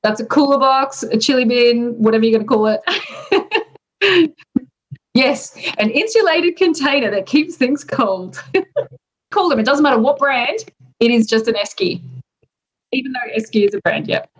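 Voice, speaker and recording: An Australian woman talks through slang terms one by one in a relaxed, chatty way, laughing often as she goes. Her voice sits a little high and she takes her time. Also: a little slow, long pauses, poor audio. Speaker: teacher explaining slang. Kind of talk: casual explanation.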